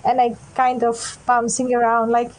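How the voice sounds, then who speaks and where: A woman's voice: fairly high pitch, monotone, moderate pace, poor audio. A woman as a player in a tabletop role-playing game, talking casually and hesitantly. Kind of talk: tabletop role-play chat.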